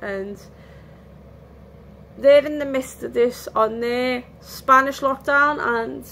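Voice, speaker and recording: A woman's voice: high voice, slow pace, vocal fry, fairly bright tone, a little hiss or hum. A tired woman chatting candidly in a casual home vlog, rambling and restarting her sentences, yawning now and then. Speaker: vlogger. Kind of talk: casual lockdown vlog chat.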